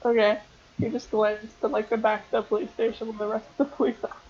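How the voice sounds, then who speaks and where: A woman's voice: fairly high pitch, flat delivery, fast, breathy edge, muffled recording. A young woman narrating as game master for a tabletop game, hesitant and full of ums and restarts.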